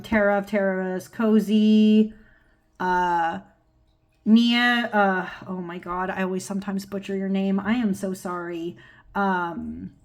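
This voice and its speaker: A woman from California talks casually to her viewers about tarot. She rambles, trips over names and fills the gaps with ums and little laughs. Her voice sits at a middle pitch. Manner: rambly, filler-heavy, self-deprecating, laughs often. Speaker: tarot YouTuber. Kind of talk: casual rambling video chat.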